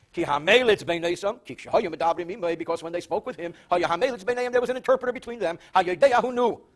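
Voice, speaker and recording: An older man, a rabbi, teaching a Torah portion verse by verse, reading Hebrew slowly, translating, and adding dry wisecracks. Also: high voice. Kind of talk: verse-by-verse Torah class with jokes.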